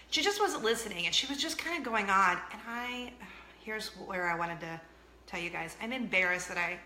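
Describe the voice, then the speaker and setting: A woman's voice: mid-range voice, bright, forceful tone, echoey room. A woman in her thirties hosting a casual vlog, chatty and self-mocking, laughing often and acting out what people said. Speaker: vlog host. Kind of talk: casual chat to camera.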